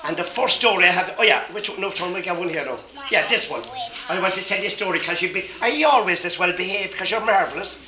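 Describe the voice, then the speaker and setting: A storyteller from Cork, Ireland, telling a story to children in a lively way and asking them questions. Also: mid-range voice, quick pace, crowd noise. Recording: roomy echo.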